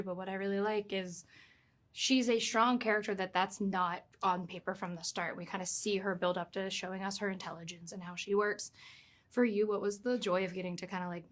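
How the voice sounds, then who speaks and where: A woman interviewer asks about a fantasy film at a press junket. She speaks in a relaxed way, with loose phrasing and casual fillers, and her pitch sits in a middle range. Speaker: entertainment interviewer.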